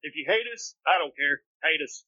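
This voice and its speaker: A man's voice: a little high, animated, moderate pace, pushed and bright, no echo, highs cut off. A man in his late thirties co-hosting a casual podcast, congested from a sinus infection, laid-back and blunt. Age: 30s. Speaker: podcast co-host.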